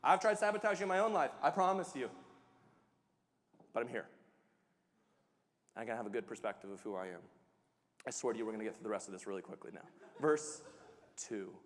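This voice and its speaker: A man's voice: mid-range voice, lively intonation, brisk, long pauses, long reverb tail. A man, a pastor, giving a sermon in a conversational, emphatic way, joking about himself. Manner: emphatic, conversational preaching with self-deprecating humor.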